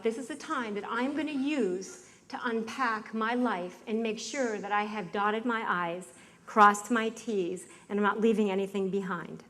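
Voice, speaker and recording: A middle-aged woman tells her own story to a live audience with a slightly high voice. She talks in a lively, chatty way, laughs easily, and keeps asking her listeners direct questions. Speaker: speaker giving a testimonial.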